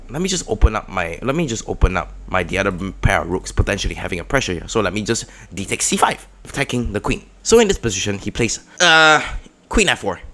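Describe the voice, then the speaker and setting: Excitable chess vlogger, lively voice. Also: male voice. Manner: excitable, swings into loud high outbursts. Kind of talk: casual game commentary.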